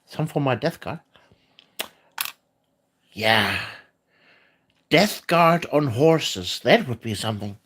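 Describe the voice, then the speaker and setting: A woman chatting casually on a livestream while painting miniatures, hesitant and full of filler pauses. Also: rumbling low, lively intonation, a little hiss or hum.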